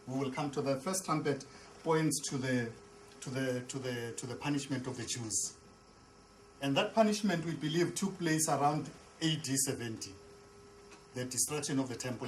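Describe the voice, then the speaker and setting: A man's voice: on the high side, slight background noise, low-quality recording. A man, a pastor, teaching a Bible class. He repeats and restarts words and asks the class questions. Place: classroom with a board.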